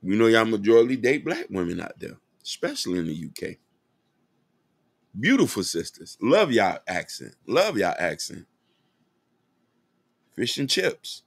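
A man with a low, gravelly voice delivers an impassioned podcast commentary. He is earnest and direct and keeps calling out to his listeners. The sound is close and dry. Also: very animated, moderate pace, no echo. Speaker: podcast host.

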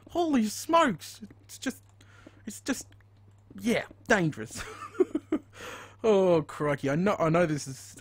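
A man with an Australian accent giving live, chatty commentary as he plays a video game and thinks out loud. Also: medium pitch, no echo. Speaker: gaming streamer.

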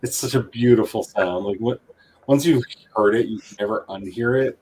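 A man's voice: on the low side, normal speed, darkish tone, breathy edge. A man joking around with friends while playing a game, giving wry commentary. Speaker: co-player. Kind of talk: casual gaming chat.

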